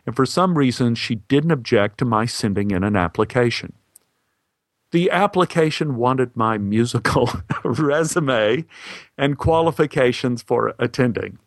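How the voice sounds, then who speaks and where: A man telling a personal story, unhurried and wry with deadpan timing. His voice sits at an ordinary male pitch, and the recording is dry and close. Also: no echo. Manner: wry, measured, deadpan humor. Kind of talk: storytelling monologue.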